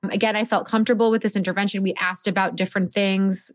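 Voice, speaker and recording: A woman in her thirties casually telling her birth story as a podcast guest, animated and laughing often. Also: mid-range voice, quick pace, no echo, studio quality.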